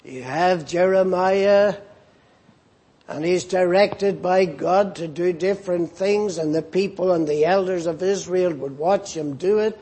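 Male preacher, high husky voice, unhurried Bible teaching with repeated key phrases. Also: mellow. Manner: slow, deliberate, repeats phrases for emphasis. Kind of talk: sermon, Bible exposition.

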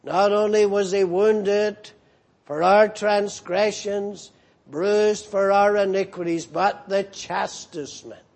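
A man preaching a sermon, slow and emphatic, repeating his phrases for weight. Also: high voice, steady tone, creaky, a little mellow.

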